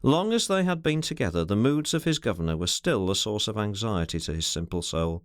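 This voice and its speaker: A man narrating a classic novel as an audiobook in a measured storytelling manner. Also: lowish voice, expressive, no echo, studio quality.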